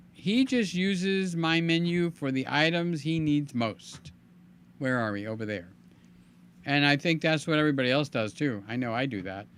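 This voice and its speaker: An older man hosting a live stream in a casual, chatty way, reading viewer comments aloud with a hoarse, tiring voice. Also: mid-range voice, a bit bright. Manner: chatty, reads viewer comments aloud, hums filler sounds. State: hoarse, voice giving out. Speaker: livestream host.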